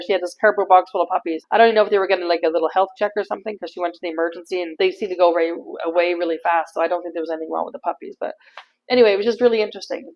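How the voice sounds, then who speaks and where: A middle-aged woman from Canada, chatting in a casual vlog and telling stories in an animated way, laughing easily. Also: lowish voice, lo-fi sound. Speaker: vlogger.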